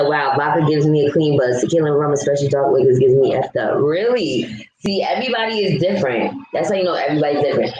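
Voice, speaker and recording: A woman's voice: fairly low pitch, darkish tone. A woman chatting casually with her viewers on a live stream, blunt and ranting, answering comments as she goes. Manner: blunt, ranting, talks back to chat. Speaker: vlogger. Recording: echoey room with faint background hum.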